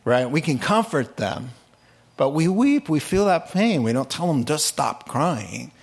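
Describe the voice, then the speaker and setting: A man preaching a sermon, telling the story with animated energy and humorous asides. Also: fairly high pitch, normal speed.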